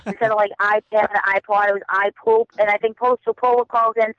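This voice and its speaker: A woman with a Boston accent calling in and chatting casually, talking very fast and rambling. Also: mid-range voice, flat delivery, dry recording, muffled recording. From Boston, Massachusetts. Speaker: caller. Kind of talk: casual call-in chat.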